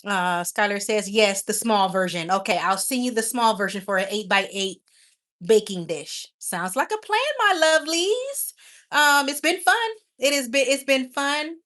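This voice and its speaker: A woman's voice: medium pitch, normal speed, a bit bright. A woman hosting a casual livestream, chatting affectionately with viewers and laughing often. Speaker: livestream host.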